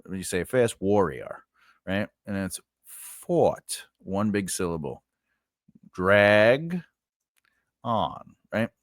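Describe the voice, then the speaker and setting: Male writing teacher, loose unscripted lesson, slow and wandering, lively pitch. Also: no room sound, studio quality. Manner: rambling, self-correcting, checks in with "right?". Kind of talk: casual whiteboard lesson.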